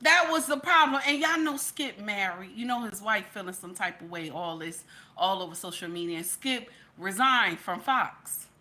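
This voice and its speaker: A woman's mid-range voice sounds animated, bright, and forceful at a moderate pace as she comments for her followers. Chatty and emphatic, she leans on "okay?" again and again, addressing viewers as "baby" and "y'all."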